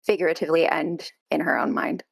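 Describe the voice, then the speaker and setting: A woman player in a tabletop game, speaking hesitantly with many pauses. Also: low-pitched, fairly even intonation, vocal fry, no room sound. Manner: hesitant, full of pauses and fillers. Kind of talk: casual in-character play.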